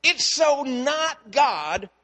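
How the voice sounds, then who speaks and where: A man's voice: extremely high pitch, extremely slow, long reverb tail. A man, a pastor, preaching a sermon and telling a story, acting out the dialogue. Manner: storytelling, animated, acts out dialogue.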